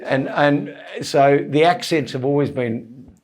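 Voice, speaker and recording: An Australian man in his seventies, a comedian telling anecdotes as a guest, animated and acting out voices, with stammered restarts. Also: on the high side, slow. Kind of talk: anecdotal storytelling in conversation.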